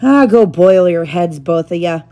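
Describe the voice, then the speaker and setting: A woman reading a storybook aloud, voicing a huge, hot-tempered but bighearted man who booms and exclaims, in a raised voice. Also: lively intonation, a little slow, warm tone. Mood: indignant. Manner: booming and exclaiming.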